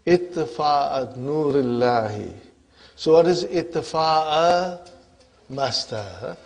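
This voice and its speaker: A man teaching an Arabic grammar class, his voice on the higher side. He keeps quizzing his students and asks again and again whether they follow. He moves back and forth between English and Arabic as he explains. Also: darkish tone. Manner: questioning, checks understanding often.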